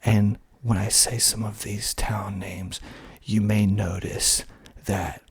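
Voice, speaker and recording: A man from Georgia with a Southern accent, whispering slowly and softly into a close mic in an ASMR video, with fillers along the way. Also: lowish voice, flat delivery, vocal fry, husky, no room sound. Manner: slow, soft-spoken whispering with fillers. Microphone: close mic, pops on plosives.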